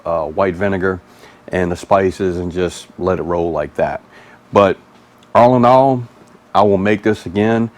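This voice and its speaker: Speaking with a Mississippi Southern accent, this cooking channel host keeps his vlog folksy, easygoing and chatty. His voice sits low with a darkish tone.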